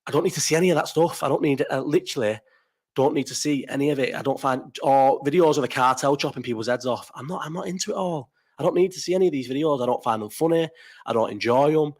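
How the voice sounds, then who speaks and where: A man's voice: medium pitch, quick pace, darkish tone. Blunt, sweary man. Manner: blunt, swearing, rambling with restarts. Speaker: live stream host. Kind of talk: casual live chat.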